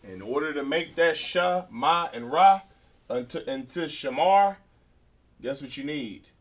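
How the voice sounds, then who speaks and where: This male teacher's voice is a little high and expressive, and he takes his time. He's running a beginners' language lesson, sounding words out syllable by syllable and repeating them as he writes on the board.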